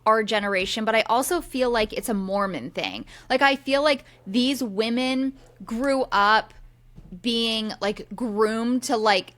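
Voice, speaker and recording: A woman co-hosting a podcast with a slightly high voice. She mostly backs up her co-host with short agreements, then muses on her own points in a relaxed, conversational way. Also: measured pace. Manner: supportive listener, short agreements, musing. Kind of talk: casual chat.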